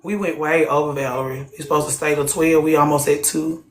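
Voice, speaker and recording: A woman's voice: deep voice, fairly even intonation, brisk. Blunt, profane woman host, echoey sound. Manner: blunt and profane, rhetorical questions. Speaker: host of a live group talk. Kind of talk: casual heated talk to listeners.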